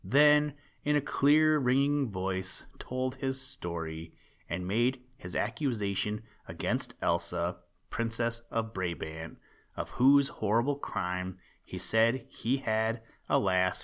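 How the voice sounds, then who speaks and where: A man reading an old storybook tale aloud in a calm, measured way. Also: lowish voice.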